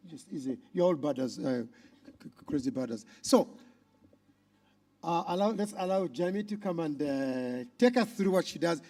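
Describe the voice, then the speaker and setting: A man with a Ugandan accent hosting a conference on stage, loudly introducing speakers to the crowd. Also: on the high side, normal speed. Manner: loud, animated announcing to a crowd. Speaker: conference emcee.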